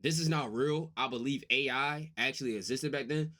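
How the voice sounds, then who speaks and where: A young man from the United States hosting a casual reaction video, excitable and slangy, often cutting in with loud outbursts. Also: mid-range voice, moderate pace. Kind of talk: casual live reaction chat.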